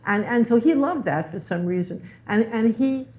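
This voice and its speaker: A woman's voice: a little high, moderate pace, slight background noise. Woman telling stories over a tinny line. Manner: animated storyteller, repeats words for emphasis. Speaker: guest teacher. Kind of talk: spiritual conversation.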